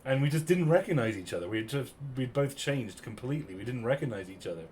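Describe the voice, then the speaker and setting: British male streamer in his thirties, mid-pitched, chatty storyteller, animated delivery, slight hiss underneath. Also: quick pace. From Cornwall, England. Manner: chatty, animated retelling with quoted voices. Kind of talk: casual storytelling to chat.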